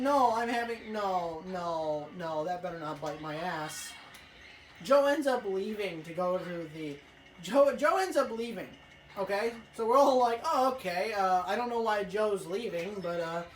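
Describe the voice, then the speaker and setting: Excitable, profane gamer storyteller; animated delivery, roomy sound with light music under. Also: female voice, mid-range voice. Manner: swears a lot, rambling, excitable outbursts. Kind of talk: casual let's-play storytelling. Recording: echoey room, faint music.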